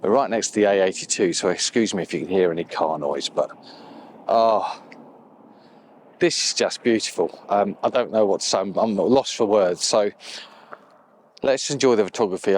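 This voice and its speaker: In this outdoor photography vlog, a deep-voiced man stands by a loch on the moor and narrates a landscape shot to camera at a normal speed. His delight is quiet and soft, sometimes sinking almost to a whisper close to the mic, with the air still and slight noise in the background.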